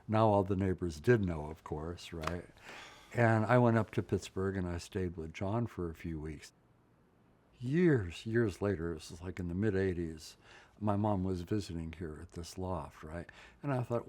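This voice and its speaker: An older Pennsylvania man recounts his life story in an interview, candid, blunt and emotional, frequently tossing in "right?" to check in. His voice sits low with a somewhat dark tone, moving at a moderate pace.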